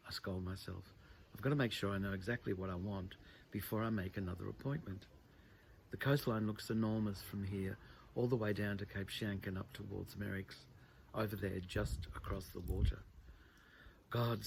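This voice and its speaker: A man with a low, gravelly voice reads literary prose in a measured, reflective manner. A faint hiss sits under the reading. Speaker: author reading his own text.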